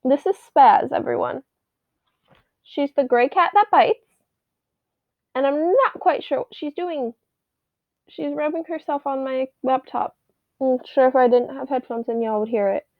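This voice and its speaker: A young adult woman with a hoarse voice, rambling casually through a personal update from her bedroom. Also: high-pitched, measured pace, pauses often, dry recording. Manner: rambly, chatty. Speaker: vlogger. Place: bedroom at home. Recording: tinny, phone-like, dry sound.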